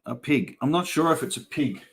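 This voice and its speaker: Husky and a touch fast, with vocal fry, a middle-aged Australian livestream host spins yarns and chats casually while reading viewers' comments. His pitch is on the high side and his intonation lively.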